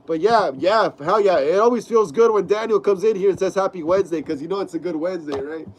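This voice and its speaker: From a room in his home, a young man with cold-clogged sinuses runs a relaxed live stream, rattling off chat messages and "bro" after "bro." His voice is high and fast, with slight background noise.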